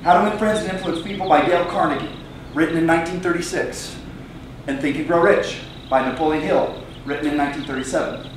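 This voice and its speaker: A man giving an energetic motivational speech to a live audience, leading the crowd in shouted affirmations. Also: a little high, quick pace, slight background noise. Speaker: motivational speaker. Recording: echoey room, far from the mic, loud music behind.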